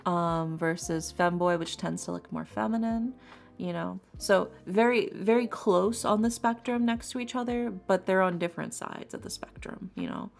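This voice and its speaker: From her home streaming setup, a woman does tarot readings in a casual live-stream chat, rambling, laughing often and repeating herself over faint lofi music. Her lowish, creaky voice moves at a moderate pace.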